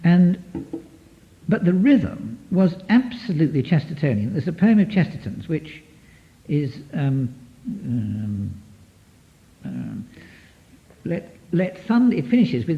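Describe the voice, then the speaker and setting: A man's voice: fairly high pitch, slow, long pauses. A man lecturing to an audience as a psychotherapist, digressive and full of restarts. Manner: lively, digressive, many restarts, taps out rhythms. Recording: dull lo-fi archive tape.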